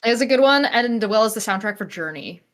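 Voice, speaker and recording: A woman co-hosting a casual stream, trading quick jokes and banter. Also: fairly high pitch, expressive. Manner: joking, quick banter with frequent laughter. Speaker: co-host guest. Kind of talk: casual chat.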